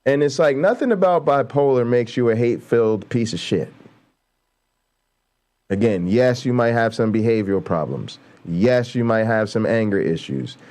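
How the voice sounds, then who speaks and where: A man's voice: medium pitch, expressive, moderate pace, a little mellow. A man hosting a casual livestream, talking bluntly and profanely and building to heated, emphatic outbursts. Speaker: show host.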